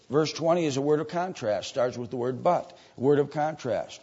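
An older man preaching a sermon and reading scripture aloud. He moves between loud, emphatic preaching and quiet asides. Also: mid-range voice, normal speed, hardly any pauses, breathy edge. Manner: reads scripture aloud in old-fashioned wording. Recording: dull lo-fi sermon recording.

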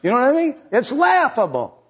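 A middle-aged man preaching a sermon in a conversational way, asking rhetorical questions and jumping up in pitch to stress a point. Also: wildly swooping pitch, a little fast, breathy edge, muffled recording. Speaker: pastor.

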